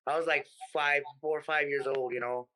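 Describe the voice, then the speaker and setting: A man from the United States, a comedian guest in a casual interview, talking in an animated, profane way and acting out his stories. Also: fairly high pitch, moderate pace, low-quality recording.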